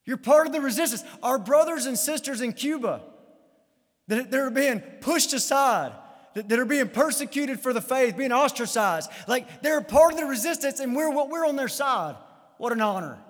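Male pastor, very high voice, emphatic sermon delivery with repeated phrases, reverberant church hall. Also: expressive, normal speed, a bit bright. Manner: emphatic, repeats key phrases, some stammering restarts.

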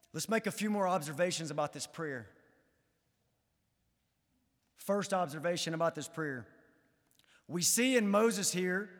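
A man preaching a sermon in a high, light voice, his words ringing out with a long reverb through a church sanctuary. He moves from earnest, rising emphasis to hushed, searching appeals to the congregation. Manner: earnest, building to fervent emphasis then dropping low. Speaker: pastor.

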